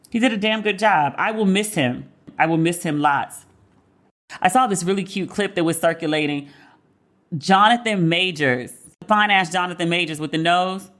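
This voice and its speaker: A woman's voice: on the low side, fairly bright tone. A woman hosts her own podcast in loose, casual commentary. She is candid and gossipy, drops profanity freely, and teases herself about her celebrity crushes. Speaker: podcast host. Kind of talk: casual pop-culture commentary.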